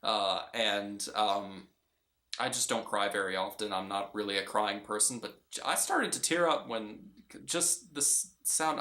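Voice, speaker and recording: A man's voice: fairly low pitch, unhurried, bright, forceful tone. A man giving a casual, earnest film review, often restarting and repeating his phrases. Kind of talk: casual movie review vlog. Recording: roomy echo.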